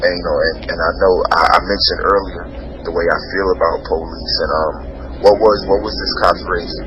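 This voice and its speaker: Deep-voiced man on a noisy lo-fi line. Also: fairly even intonation, fairly quick. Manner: loose, laid-back, profane slang. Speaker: podcast guest, educator. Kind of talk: casual conversation. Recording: dull lo-fi sound with noise.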